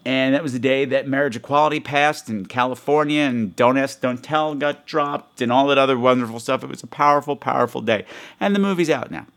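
A man's voice: medium pitch, brisk, fairly bright tone. Podcast guy rambling on his own, jumpy and self-deprecating, chatty. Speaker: podcast host. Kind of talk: casual podcast monologue.

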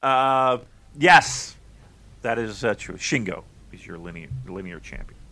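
An American man co-hosting a casual wrestling podcast, joking and teasing loudly. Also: animated, measured pace. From United States. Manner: loud, joking and teasing, pitch leaping up and down. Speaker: podcast co-host.

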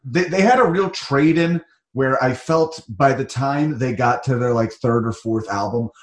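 A man's voice: medium pitch, measured pace, echoey room. A man guesting on a podcast, chatting in a laid-back, knowledgeable way with casual swearing. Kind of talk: casual chat.

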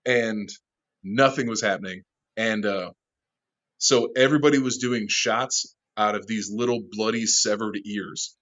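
A man guest in an interview, a bar manager telling a rowdy story, animated, laughing often and swearing freely. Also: on the low side, unhurried, highs cut off. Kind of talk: casual storytelling.

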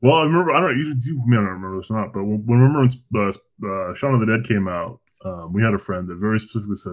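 A man co-hosting a podcast in relaxed conversation. He makes dry, joking asides and laughs easily along with his friend. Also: fairly low pitch, very fast, few pauses. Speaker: podcast co-host. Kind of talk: casual chat about a film.

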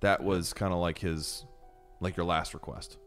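A man co-hosting a casual book podcast, chiming in with quick jokes and quips. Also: sits low, steady tone, fairly bright tone, soft background music. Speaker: podcast co-host. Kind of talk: casual book discussion with read-aloud passages.

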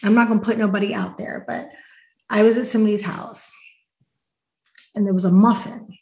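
A woman hosting a podcast, chatting casually and telling stories with lively acted-out quotes. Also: medium pitch, fairly quick, echoey room, poor audio. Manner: animated storyteller, acts out quotes. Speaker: podcast host. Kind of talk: casual chat.

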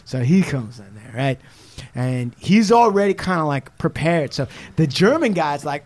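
A man co-hosting a podcast, casually retelling a true-crime story, animated and swearing freely as he acts out quotes. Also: a little high, moderate pace. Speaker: podcast co-host.

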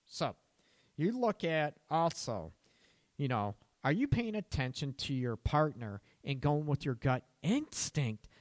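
A counselor talking straight to his listeners in a blunt, cursing way, with sharp emphasis on key words. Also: medium pitch, no room sound. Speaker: relationship counselor. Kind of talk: casual advice monologue.

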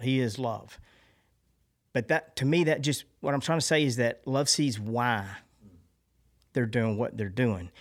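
A man co-hosting a podcast, telling a personal story in an earnest, confessional way, rambling a little with restarts and fillers before drawing a lesson from it. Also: medium pitch. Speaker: podcast co-host. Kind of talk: personal storytelling, reflective talk.

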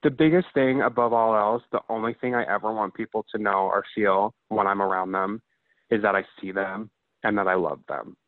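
A man's voice: fairly low pitch, fairly even intonation, brisk, no room sound, narrow, tinny audio. A man of about thirty, a podcast guest, talking in an emotional, heartfelt way and swearing casually.

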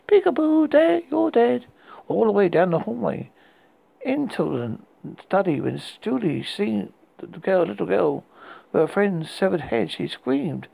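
Gravelly UK man narrating horror stories, halting, lively pitch. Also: dry recording, poor audio. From United Kingdom. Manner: halting, with frequent restarts. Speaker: horror podcast host. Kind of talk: storytelling narration.

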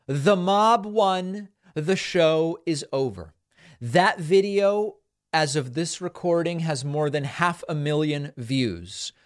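A man hosts a political talk show with a mid-range voice. He talks in a lively, conversational way, stopping and restarting his sentences as he goes. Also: mid-range voice. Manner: animated, conversational, with frequent restarts. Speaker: host.

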